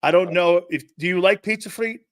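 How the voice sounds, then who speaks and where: A man's voice: high-pitched, brisk, a bit bright, no room sound, studio quality. Blunt, emphatic male sports-talk host. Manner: blunt, emphatic, says "man" often.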